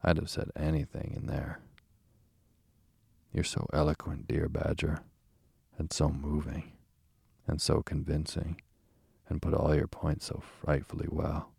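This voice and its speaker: A man's voice: extremely low pitch, completely flat delivery, measured pace, gravelly, long pauses, darkish tone, slightly rough, no room sound, clean studio sound, heavily acted. A man reading a stubborn, boastful male toad in a bedtime storybook, talking in a wilful, gushing way. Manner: sullen, then gushing and wilful.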